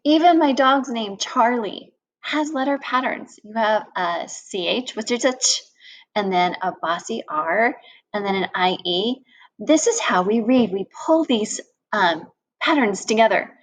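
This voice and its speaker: A woman's voice: fairly high pitch, animated, unhurried, low-quality recording. A woman teaching a children's phonics lesson, acting out vowel sounds with big exclamations.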